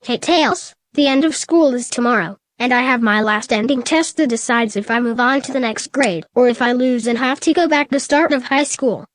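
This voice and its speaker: A man's voice: very high-pitched, normal speed, few pauses, fairly bright tone, no room sound. Knuckles, a woman doing a gloomy teen echidna.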